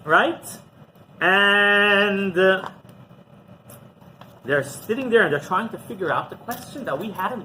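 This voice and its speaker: A man, a rabbi, teaching a class through an animated story and often checking in with the listeners. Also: sits high, slight background noise, poor audio. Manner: animated storyteller who often asks "right?".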